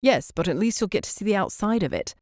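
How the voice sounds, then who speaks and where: A woman voicing an earnest, opinionated young Englishman with a British accent, talking with passion and a slightly gruff edge. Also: mid-range voice, lively intonation, quick pace, darkish tone, no echo, studio quality, lightly acted. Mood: dry.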